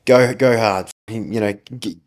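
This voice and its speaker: A man's voice: on the low side, moderate pace. A man, co-hosting a casual business podcast, ranting and swearing freely as he tells stories. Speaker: podcast co-host, business owner.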